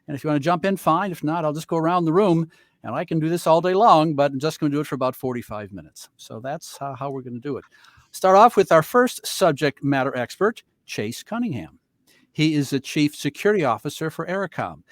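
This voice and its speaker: A man's voice: fairly high pitch, animated, fairly quick, no echo. A man moderating an online panel, introducing guests with playful teasing jokes over a video call. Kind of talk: joking webinar moderation.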